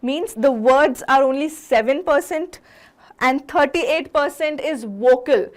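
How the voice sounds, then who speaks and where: A woman with a high, bright voice teaches a lesson on speaking skills. She sounds earnest and instructive and puts rhetorical questions to her listeners. She slows down and speeds up to stress her points. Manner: earnest, instructive, varies pace and loudness for emphasis. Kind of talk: classroom-style lesson on public speaking.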